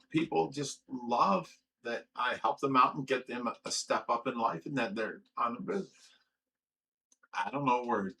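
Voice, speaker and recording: A middle-aged man with a gravelly, tense, forceful voice hosts a livestream. He reads viewers' comments aloud, then rants about them in a sore, profane way, repeating words as he stumbles along. A faint hiss of noise sits under his voice. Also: mid-range voice, rough recording. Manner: aggrieved, profane ranting. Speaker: livestream host.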